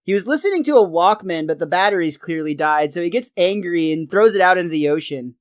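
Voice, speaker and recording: A man's voice: high voice, lively intonation, quick pace, dry recording. Casual male co-host, recaps with laughs, dead dry recording. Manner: chatty, laughs between lines. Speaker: podcast co-host.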